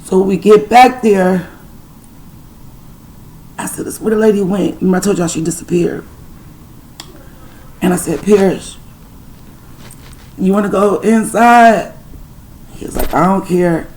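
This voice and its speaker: Gravelly-voiced woman telling a story. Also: mid-range voice, unhurried, pauses often, a little mellow, slight background noise, rough recording. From Detroit, USA. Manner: profane, rambling spiritual storytelling. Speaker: channel host. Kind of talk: storytime vlog.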